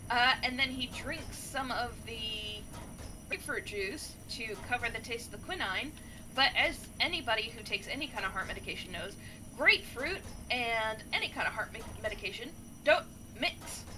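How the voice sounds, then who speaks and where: A woman gaming streamer retelling a story in a chatty, animated way, with many fillers. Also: a little high, normal speed, slight background noise. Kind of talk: casual storytelling while playing a game.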